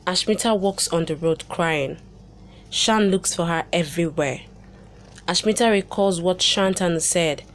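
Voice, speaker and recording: A woman narrating a soap opera recap in a plain, steady reading voice. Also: fairly low pitch, slight background noise.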